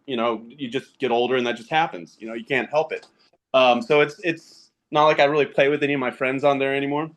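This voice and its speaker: A man's voice: mid-range voice, fairly even intonation, fast talker, fairly bright tone. A man in his thirties, a podcast guest, telling casual stories about fatherhood and gaming, laughing often as he talks. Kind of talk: casual storytelling.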